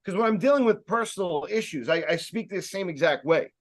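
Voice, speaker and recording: A man giving a casual sales training talk, speaking loudly and emphatically, with rambling jokey asides and plenty of fillers. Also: high voice, expressive, brisk. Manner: loud, emphatic, projecting voice.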